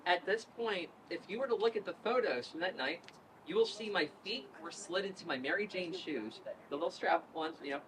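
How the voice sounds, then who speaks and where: A woman in her thirties from Northern Virginia, a politician telling a lively story at an event, acting out quotes and laughing. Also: fairly low pitch, a little fast. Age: 30s. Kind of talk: storytelling speech. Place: event room with crowd ambience. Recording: distant mic with noise.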